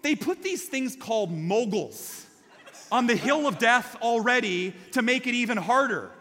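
A man preaching a sermon in a church, telling stories in an animated way and rising loud and high at the peaks. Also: unhurried, in a large hall. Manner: animated storytelling, rises loud and high at the climax. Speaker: pastor.

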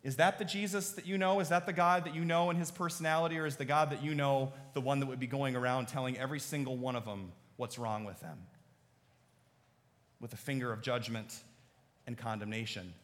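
A man preaching a sermon as pastor, moving between hushed, earnest appeals and lively storytelling. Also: mid-range voice, brisk. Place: church sanctuary. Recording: long reverb of a large church hall.

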